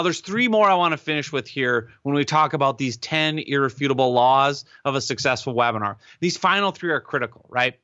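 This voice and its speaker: A man being interviewed, giving advice in an animated, emphatic way and often checking in with "right?". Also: medium pitch, no echo. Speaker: guest expert on webinars.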